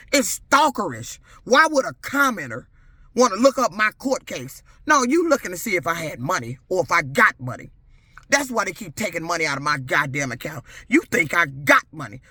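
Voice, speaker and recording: A woman's voice: on the high side, bright, forceful tone, dry recording. A middle-aged woman, ranting angrily and profanely to her camera as a vlogger. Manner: furious, profane, confrontational. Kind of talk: angry rant to camera.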